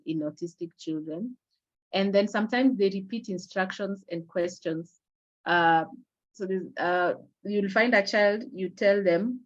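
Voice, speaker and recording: A middle-aged woman giving an online awareness lecture in a measured, explanatory way, pausing often on fillers and restarting her sentences. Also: mid-range voice, highs cut off. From Kenya. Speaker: webinar presenter. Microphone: video call.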